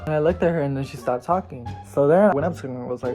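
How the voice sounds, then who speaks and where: A young man casually telling a gossipy storytime in an animated, slangy way. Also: fairly high pitch, rapid-fire, few pauses, faint music behind. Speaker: vlogger.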